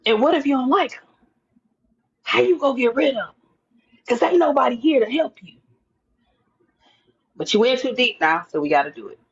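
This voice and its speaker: A woman telling a lively personal story in an interview, acting out her own thoughts and the other people's words. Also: fairly high pitch, husky, dull audio. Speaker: interview guest. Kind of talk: animated storytelling.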